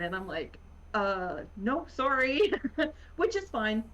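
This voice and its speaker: A woman with a Virginia accent, a guest in a casual talk, rambling with many pauses and fillers and laughing often. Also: medium pitch, sing-song, fairly bright tone. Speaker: podcast guest. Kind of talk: casual conversation. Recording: muffled lo-fi audio.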